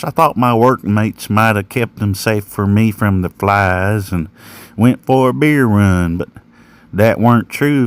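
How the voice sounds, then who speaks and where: A man's voice: fairly low pitch, smooth. A man telling a first-person horror story in a folksy, plain-spoken rural manner. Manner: folksy, rural drawl with slang.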